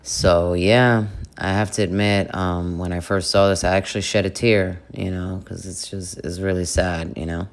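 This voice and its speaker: A man's voice: deep voice, level tone, moderate pace, gravelly, hardly any pauses. A man hosting a comedic reaction video, talking casually through what he is watching. His delivery is loose and conversational, dotted with sarcastic asides. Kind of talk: comedic commentary.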